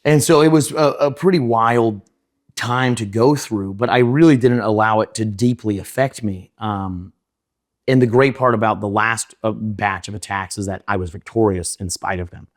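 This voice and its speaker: A young man telling his story in an interview, rushing in run-on sentences full of fillers and restarts. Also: on the low side, no echo, clean studio sound. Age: young adult. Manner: fast, run-on talk with many fillers and restarts. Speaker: interview guest.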